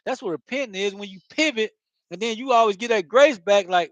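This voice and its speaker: A high-voiced man rambles through a casual spiritual talk, heavy on profanity and street slang. He keeps checking in with "you know what I mean" as he goes. The recording is dry and close, with no room sound. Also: fast talker, no room sound, rough recording. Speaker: channel host.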